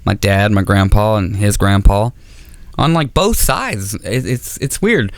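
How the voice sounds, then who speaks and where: A man's voice: lowish voice, lively intonation, measured pace, no echo. A man doing a stand-up set on stage, rambling and self-mocking with stammering restarts. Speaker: stand-up comedian. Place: comedy auditorium stage.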